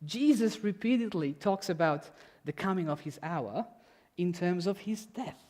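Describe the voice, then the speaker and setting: High-voiced man giving a casual sermon. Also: a little slow. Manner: conversational, animated with playful voiced quotes. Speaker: pastor. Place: church.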